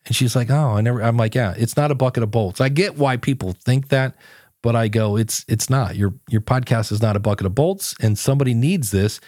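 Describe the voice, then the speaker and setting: Man, podcast guest, animated storyteller, mid-pitched voice, dry sound. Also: brisk, no room sound. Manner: animated storyteller acting out his own quotes. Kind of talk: casual interview chat.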